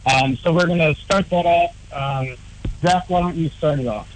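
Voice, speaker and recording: A man co-hosting a radio interview, running a quick question game with many hesitant fillers. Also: fairly high pitch, a little hiss or hum, low-quality recording. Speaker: radio show co-host.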